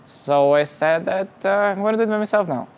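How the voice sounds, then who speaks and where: A young man from Russia, a startup founder telling his story casually in halting, English. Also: high-pitched, clear, resonant tone. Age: young adult. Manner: halting, many restarts and laughs, plain non-native phrasing.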